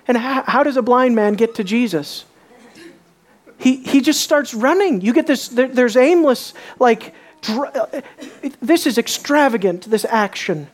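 An animated preacher in the middle of a sermon, asking one rhetorical question after another. The voice sits mid-pitch, restarts and repeats words as thoughts tumble out, and drops from loud emphasis to quiet, low intensity.

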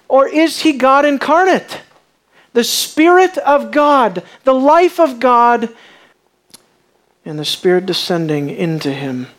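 A preacher with a medium-pitched voice delivers a sermon, putting questions to the listeners. He repeats words while thinking and shifts between hushed lines and raised, emphatic ones.

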